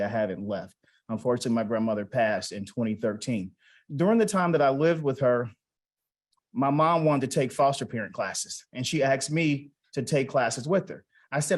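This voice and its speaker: A man's voice: medium pitch, poor audio. Guy in his 40s giving a chatty award speech, tells family stories, asks the crowd stuff. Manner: conversational, retells family dialogue, asks the audience questions. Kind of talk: personal storytelling speech. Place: event hall.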